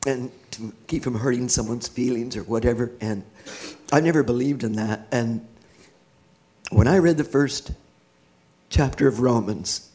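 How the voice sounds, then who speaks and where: A man's voice: medium pitch, measured pace, long pauses, mellow. A middle-aged man, a guest in an interview, telling his own life story with earnest feeling and a laugh now and then. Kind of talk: personal testimony in church.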